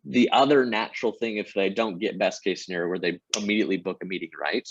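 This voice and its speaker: A man who heads a sales team, a podcast guest explaining his methods step by step in an energetic, casual way. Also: deep voice, quick pace, breathy edge, dry recording, highs cut off. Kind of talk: casual interview talk.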